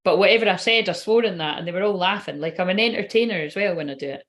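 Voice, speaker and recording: A woman's voice: lowish voice, fast, a bit bright. A woman, a tarot reader and medium giving a casual, rambling live-stream reading and swearing now and then.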